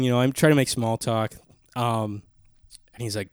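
A man's voice: medium pitch, moderate pace, pauses often, clean tone, no echo, studio quality. A young man co-hosting a podcast, telling a long rambling story in casual chat, swearing a lot and acting out what others said. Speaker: podcast co-host. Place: small podcast studio. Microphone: studio mic.

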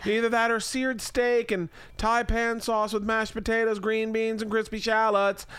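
A man doing a high-pitched drawling Southern wife. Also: level tone, moderate pace, a bit bright, clean tone, no echo. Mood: chirpy. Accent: American Southern, put on. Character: Southern-accented wife, chirpy and boastful.

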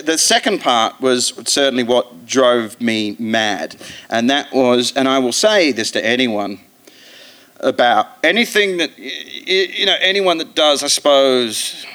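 An Australian man, a comedian guest on a live podcast, telling stories in a profane, animated way and slipping into put-on voices. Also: medium pitch. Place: theatre stage.

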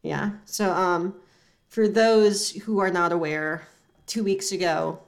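A woman co-hosting a comedy podcast, talking in a dry, rambling, deadpan way. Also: fairly low pitch, slow, creaky. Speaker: podcast co-host.

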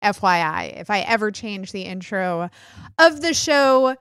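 A woman's voice: medium pitch, expressive, measured pace, a bit bright, clear, resonant tone, no echo, studio quality. A woman hosting a solo podcast, chatty and sarcastic, poking fun at herself. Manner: chatty, sarcastic, self-deprecating. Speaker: podcast host. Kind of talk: casual solo podcast monologue.

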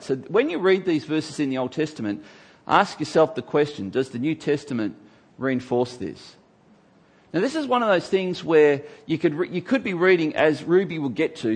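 A man with a fairly high voice gives a conversational Bible lesson. He talks in an emphatic way and briefly acts out the people he quotes. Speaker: Bible teacher. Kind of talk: sermon-style Bible teaching.

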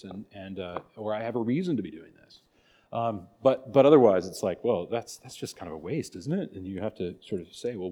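In a lowish, mellow voice, a man talks his way through a casual catechism lesson at church. He speaks in a homey, conversational style, restarting often and performing little asides.

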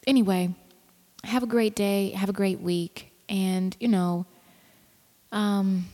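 A woman's voice: lowish voice, fairly even intonation, a little slow, mellow. A tired woman in her thirties talks casually to her viewers as a mother. She rambles, laughs easily and sometimes drops to a whisper. Her voice carries a long room reverb. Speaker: mother vlogging. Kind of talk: casual chat to camera.

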